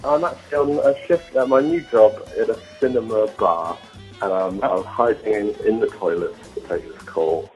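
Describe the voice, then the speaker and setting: A man's voice: on the low side, moderate pace, a little mellow, breathy edge, faint music behind, poor audio. A young man giving short casual answers about what he is doing, hesitant with fillers and laughs.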